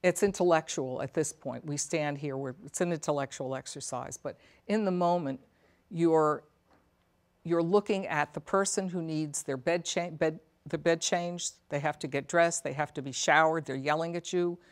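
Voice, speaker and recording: Low-voiced woman counseling caregivers. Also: moderate pace. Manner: earnest, reflective, asks the audience questions. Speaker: psychotherapist and elder care coach. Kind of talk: talk to a caregivers' support audience.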